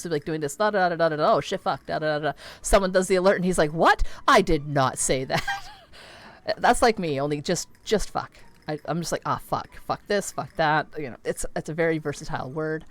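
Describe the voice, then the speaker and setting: A woman in her thirties chatting casually while playing a video game, rambling with lots of fillers and easy swearing. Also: deep voice. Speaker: streamer.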